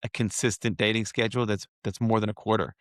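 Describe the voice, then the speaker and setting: A man's voice: on the low side, level tone, fast talker, a bit bright, no echo, studio quality. Earnest man telling a personal story. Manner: earnest, emotional, coaching tone. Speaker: podcast guest, wealth manager. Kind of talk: casual conversational storytelling.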